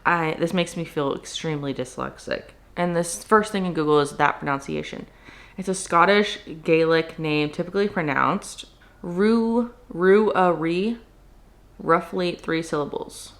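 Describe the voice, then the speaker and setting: A woman's voice: sits low, normal speed, fairly bright tone. A young woman in casual, chatty conversation at home as a book vlogger, often using "like" and "um". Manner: chatty, peppered with "like" and "um". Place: at home indoors.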